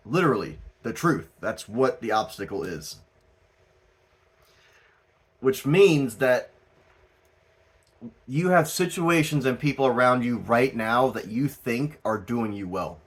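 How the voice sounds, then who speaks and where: A man giving a tarot reading as the host, talking casually, rambling and animated, often laughing and swearing. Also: mid-range voice, takes it slowly, long pauses, breathy edge. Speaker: tarot reader.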